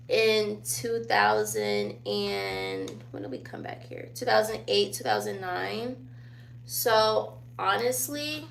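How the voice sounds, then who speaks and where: A woman's voice: medium pitch, creaky, a bit bright, slight background noise. A woman in her twenties with a youthful-sounding voice, chatting casually and laughing often as she answers viewer questions. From born in Virginia, raised in Sicily and Germany. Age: 20s. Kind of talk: casual chat.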